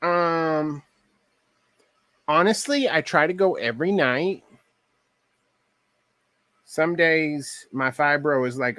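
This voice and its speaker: A man's voice: on the high side, takes it slowly, long pauses, pushed and bright, dry recording. A man with a Texas twang, chatting casually with viewers while painting on a crafts live stream. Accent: Texan.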